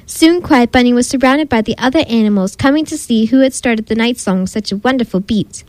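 A woman reading a children's picture book aloud in a gentle, expressive way, playfully imitating the animal sounds. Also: fairly high pitch, fairly quick, hardly any pauses, no echo, low-quality recording. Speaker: storybook reader.

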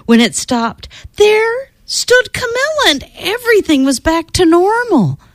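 Expressive woman reading a storybook aloud. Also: extremely high pitch, unhurried, no echo.

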